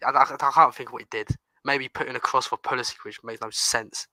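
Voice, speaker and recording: A man's voice: mid-range voice, steady tone, a little fast, few pauses, sharp tone, no room sound, low-quality recording. A young man on a fan stream who sounds weary and annoyed, often trailing off and restarting his sentences. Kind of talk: casual post-match fan chat.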